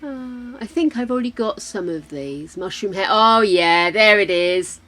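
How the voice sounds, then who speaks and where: An English woman talking her way through a game stream, chatting with viewers and thinking aloud about what to click next. She laughs easily, and her voice sits at an ordinary middle pitch for a woman. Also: lively intonation, a little slow, hardly any pauses, a bit bright. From England. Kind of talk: casual chat while playing.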